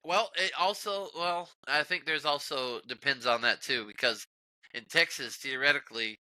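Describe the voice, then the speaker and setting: Male podcast guest, blunt and teasing, very bright voice, dry close mic. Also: medium pitch, normal speed, dry recording, poor audio. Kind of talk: casual podcast chat.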